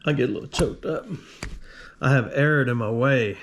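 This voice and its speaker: A video host from Alabama with a drawl tinkers with a tool in his workshop, talking to himself in a joking, rambling way. His voice is mid-range and his pace moderate.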